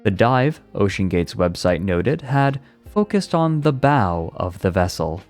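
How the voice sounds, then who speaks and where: Guy streamer reading stuff out loud, swears a lot, kinda low voice, bit of music playing behind. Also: sing-song, measured pace. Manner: profane, rambling asides between read passages. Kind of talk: casual stream commentary, reading an article aloud.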